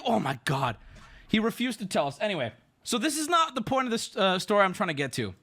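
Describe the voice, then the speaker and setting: A man who streams, telling a story in an animated, exclamatory way with swearing. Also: sits high, brisk. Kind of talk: casual storytelling.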